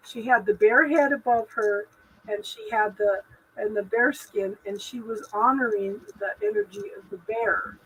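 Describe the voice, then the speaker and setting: A woman hosting a live spiritual talk stream from her home, rambling gently through spiritual advice with lots of fillers and restarts. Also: on the high side, animated, a little slow, creaky, husky, rough recording. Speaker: host.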